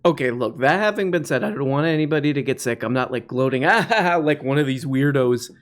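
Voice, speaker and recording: A man's voice: mid-range voice, fast talker. Male podcast host, sarcastic, mocking tone, casual riffing, mid-range voice. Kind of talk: casual comedic commentary.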